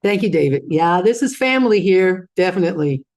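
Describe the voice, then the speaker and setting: A woman song leader speaking warmly on a video call, glad to be back. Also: on the low side, lively intonation, fairly quick. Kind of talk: casual chat.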